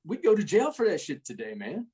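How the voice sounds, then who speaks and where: A husky, slightly high-voiced middle-aged man spins salty stories as a podcast guest. He talks casually and animatedly, ending lines with "man.". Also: huge pitch swings, a little fast, mellow. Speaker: retired army first sergeant, guest. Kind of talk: casual storytelling.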